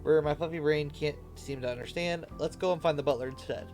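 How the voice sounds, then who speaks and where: A man's voice: a little high, brisk, a little mellow, soft background music, pitched above the performer's own voice, lightly acted. A man voicing an eager little puppy in a video game, earnest and pleading, turning to boastful threats on its friend's behalf.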